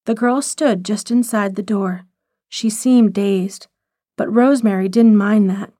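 A woman reading a short story aloud in measured, expressive scripted narration. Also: medium pitch, no echo, clean studio sound.

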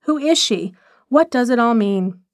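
A woman's voice: on the high side, expressive, unhurried, no echo, studio quality. A woman voicing a polished, upper-class husband who speaks in a drawling, mildly teasing way. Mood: urbane.

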